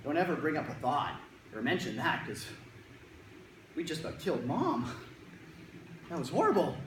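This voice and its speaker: Presenter doing a little kid, breathless and animated, swings all over, echoey room. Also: medium pitch, moderate pace, background noise, voice pushed down, natural voice. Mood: earnest. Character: young child talking to a parent.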